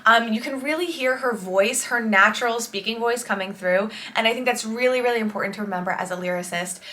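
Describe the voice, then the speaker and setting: A woman's voice: fairly high pitch, brisk, bright, forceful tone, slight background noise. A woman songwriter reacting to an album in casual, enthusiastic commentary, explaining songwriting tips as she goes.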